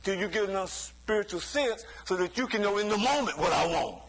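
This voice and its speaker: A man's voice: high voice, expressive, brisk, fairly bright tone, rough recording. A man preaching a sermon in a loose, conversational way, often stopping to ask "you see?" and chuckling between points. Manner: chuckles between points, acts out quoted voices.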